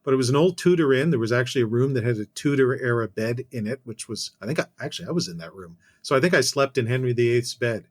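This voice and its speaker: A man's voice: mid-range voice, lively intonation, quick pace, few pauses. A Canadian man, a podcast guest, telling a casual story full of self-corrections and dry asides.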